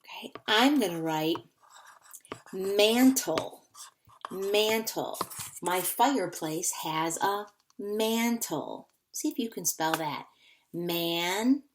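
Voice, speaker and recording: A woman's voice: medium pitch, slow, slight background noise. A woman teaching a phonics lesson to young children, patiently repeating words to sound them out.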